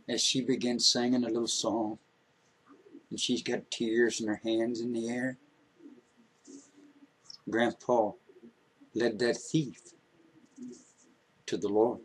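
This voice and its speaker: A man telling a folksy story in an unhurried, homespun way. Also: medium pitch, husky, low-quality recording.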